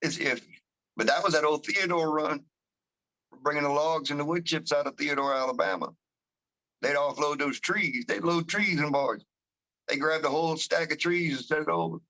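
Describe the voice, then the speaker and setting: Animated South Louisiana riverboat captain. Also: male voice, on the high side, normal speed, low-quality recording. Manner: animated storyteller, laughs often, acts out quoted crew voices; rambling with many restarts and slang. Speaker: towboat captain. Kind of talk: casual storytelling interview.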